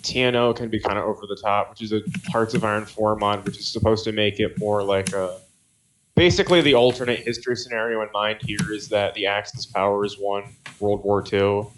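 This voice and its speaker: A man's voice: on the low side, fairly even intonation, brisk, fairly bright tone, slight background noise, rough recording. A man co-hosting a podcast in casual chat, laid-back and wry, playing a video game as he talks. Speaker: podcast co-host.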